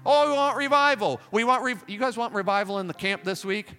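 Man preaching at camp meeting, high voice, bright, fervent, pleading, faint music behind. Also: fairly quick, long reverb tail. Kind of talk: revival camp meeting sermon. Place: large tabernacle.

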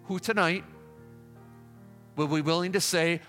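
Fervent high-voiced preacher, man. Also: fairly even intonation, unhurried, a bit bright, long reverb tail, faint music behind. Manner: fervent, repetitive, pleading. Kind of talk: revival camp meeting sermon. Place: large tabernacle.

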